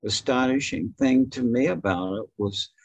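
A man speaking as a guest in a casual video-call interview, rambling and hesitant with many pauses and fillers. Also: medium pitch, vocal fry, no room sound, highs cut off. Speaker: guest author.

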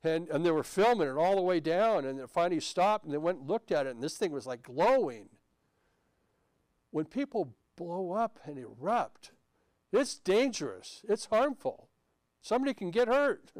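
A man's voice: high-pitched, very animated, normal speed, a little mellow, no echo. A male pastor telling a personal story during a sermon in a conversational, anecdotal way. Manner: anecdotal, conversational with frequent restarts. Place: church sanctuary.

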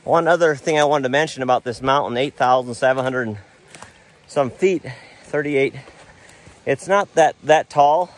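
Middle-aged guy talking while he hikes outdoors, bit out of breath, loose rambly chat, average pitch. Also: slight background noise. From United States. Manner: relaxed, rambling, admiring nature. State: slightly out of breath. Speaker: vlogger, father on a family hiking trip. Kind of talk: casual narration while hiking. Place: outdoors on a mountain trail.

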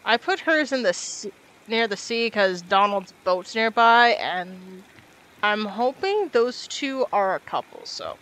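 A woman's voice: medium pitch, sing-song, slow pace, fairly bright tone. A woman streaming a video game, chatting casually and muttering to herself as she plays. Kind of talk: casual gaming stream commentary.

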